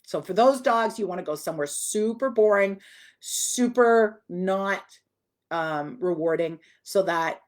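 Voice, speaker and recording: A woman's voice: mid-range voice, lively intonation, a little slow. A woman dog trainer giving a live online lesson, chatty and direct, now and then putting on a voice for the dog.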